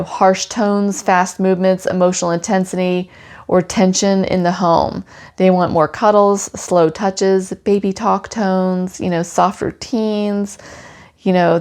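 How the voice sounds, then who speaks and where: A woman giving a casual tarot reading for a pet owner, talking softly and soothingly with lots of "you know" fillers. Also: on the low side.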